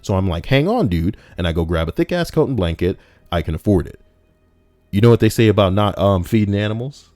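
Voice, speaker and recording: This story reader and commentator talks fast in a low, slightly mellow voice with lively intonation, and the recording has no room sound. Between read passages, he launches into brash, profane rants mocking the author and the audience.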